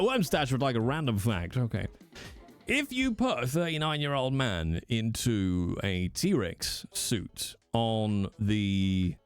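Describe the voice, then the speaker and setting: A man, chatting casually and swearing freely as he talks to his stream viewers. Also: medium pitch. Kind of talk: casual livestream chat. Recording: faint music behind.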